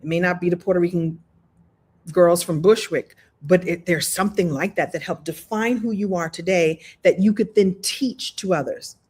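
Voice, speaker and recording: A woman's voice: on the low side, moderate pace, a little mellow, breathy edge. A woman hosting an online coaching workshop, telling stories with lots of animation, acting out voices and laughing often. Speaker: host of a coaching challenge. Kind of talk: live online workshop talk, storytelling. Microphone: video call.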